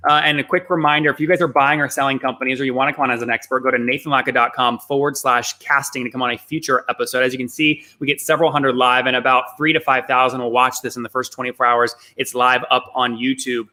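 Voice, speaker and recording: A man hosting a live online business show, wrapping up with brisk promotional remarks to viewers. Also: mid-range voice, flat delivery, pushed and bright. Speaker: show host.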